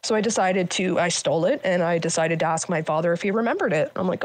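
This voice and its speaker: A woman's voice: mid-range voice, fast, hardly any pauses, dry recording. A woman in her thirties recounting painful family memories as a guest, blunt and candid, swearing often, with many fillers. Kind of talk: candid personal storytelling.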